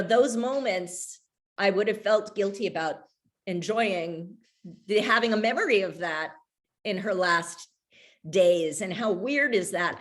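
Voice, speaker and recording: Middle-aged woman at a book reading, candid storyteller, halting with fillers, quick to laugh. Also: medium pitch, fairly bright tone. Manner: candid, hesitant with many fillers and restarts, laughing. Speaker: author discussing her memoir. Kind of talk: casual talk at a reading.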